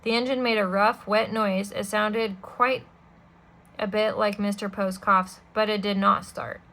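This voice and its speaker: Bright-voiced woman reading a storybook. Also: medium pitch, flat delivery, unhurried, gravelly. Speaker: storybook reader. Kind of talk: reading a children's novel aloud.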